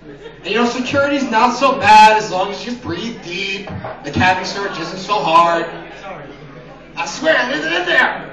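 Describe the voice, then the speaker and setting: High bright guy from doing dirty open mic standup, sounds far off in an echoey room on a dull old recording. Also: lively intonation, measured pace, crowd noise. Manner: crude, rambling jokes acting out voices. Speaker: stand-up comedian. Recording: roomy lo-fi sound from a distant mic.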